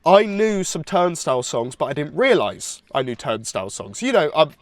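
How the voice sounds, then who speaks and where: Congested male podcast co-host, slightly high, eager rambling delivery, dry close mic. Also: very animated, moderate pace, no room sound. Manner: enthusiastic, rambling with restarts. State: congested from hay fever. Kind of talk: casual music chat.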